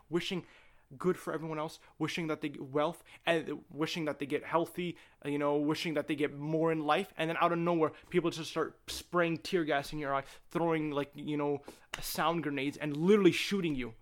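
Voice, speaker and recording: A young man from Palestine talks as a podcast guest. His voice sits a little high, and he argues in a heated, profane, argumentative way. The feel is loose, casual conversation. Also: fairly even intonation, moderate pace.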